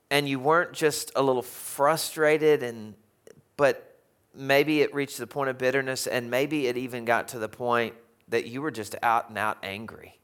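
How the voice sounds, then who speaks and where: A man's voice: medium pitch, a bit bright. A man preaching a sermon as pastor, conversational, with wry humorous asides and rhetorical questions to the congregation.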